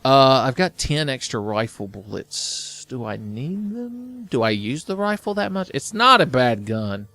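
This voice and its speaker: A man's voice: mid-range voice, very animated, a little slow, few pauses, pushed and bright, no echo. A man giving casual commentary over a video game as a let's play host. He rambles along, sarcastic and full of swearing.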